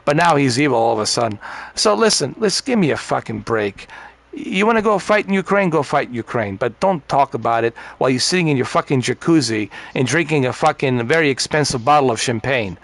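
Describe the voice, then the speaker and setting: A man's voice: mid-range voice, expressive, brisk, a bit bright, no echo. Blunt, profane ranting man. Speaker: streamer. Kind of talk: casual rant in party chat.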